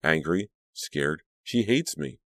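A man's voice: rumbling low, lively intonation, slow, a bit bright, dry recording, exaggerated voice. Man voicing Danielle, a tense teenage girl. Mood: anxious. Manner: tense, pleading, breathless at times. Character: anxious troubled teenage girl.

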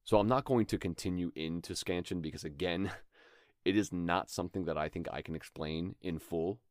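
Male host, young adult, earnest teacher, very deep voice, dead dry recording. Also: moderate pace, no echo. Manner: earnest, explains with rhythmic examples. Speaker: acting teacher and podcast host. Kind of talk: instructional talk.

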